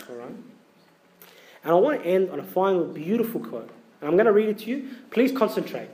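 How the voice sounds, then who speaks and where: A man's voice: high-pitched, big pitch swings, a little fast, pauses often, dark tone. A man in his thirties preaching a sermon in a conversational way, full of rhetorical questions. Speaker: priest.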